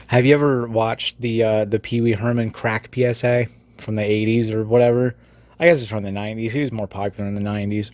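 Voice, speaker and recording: A man's voice: lowish voice, flat delivery, brisk, darkish tone, dry recording. A man rambling through a casual, profane, giggly story in a phone voice message. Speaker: vlogger.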